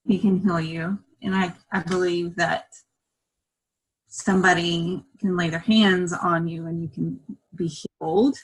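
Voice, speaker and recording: A woman's voice: fairly low pitch, unhurried, slightly rough, poor audio. A woman on a video call telling a rambling personal story and acting out what she said back then. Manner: animated, rambling, acts out her own past words. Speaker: workshop participant.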